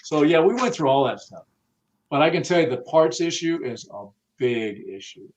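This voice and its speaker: A man's voice: a little high, lively intonation, moderate pace. A man being interviewed about the car audio industry, talking bluntly and casually with some cursing and acting out the people he quotes. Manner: blunt, profane, acts out quoted dialogue.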